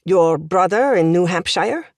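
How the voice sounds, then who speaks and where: A woman voicing an earnest young male student speaking careful, halting English. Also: fairly low pitch, expressive, no room sound. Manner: hesitant, literal, careful.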